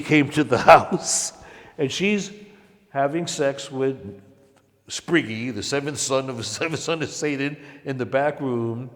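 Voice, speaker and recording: A man from Harlem, New York, telling his personal testimony as a lively storyteller who acts out the people he quotes and chuckles along. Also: mid-range voice, big-room sound. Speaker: testimony speaker.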